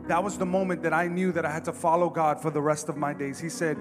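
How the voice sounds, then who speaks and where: A man preaching a sermon to a congregation in an animated, emphatic way, acting out the lines he quotes. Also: on the high side, fast, few pauses. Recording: long hall reverb with music behind.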